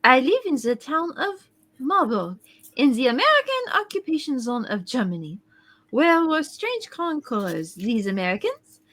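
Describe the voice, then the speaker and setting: A woman's voice: high-pitched, sing-song, normal speed, a bit bright, pitched below the performer's own voice, heavily acted. A woman voicing an earnest young German woman who tells her story in a dramatic, storybook-reading way.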